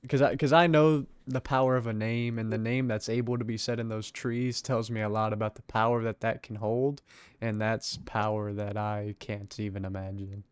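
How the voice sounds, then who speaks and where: A man speaking as a player in a tabletop game, earnest and halting. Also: lowish voice, little pitch movement, clean tone, no room sound. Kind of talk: in-character tabletop play.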